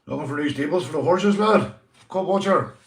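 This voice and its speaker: A young man from Northern Ireland, with a Northern Irish accent, hosts a casual livestream, greeting viewers, swearing freely, and calling everyone mate. His voice is a little high and brisk, in an echoey room.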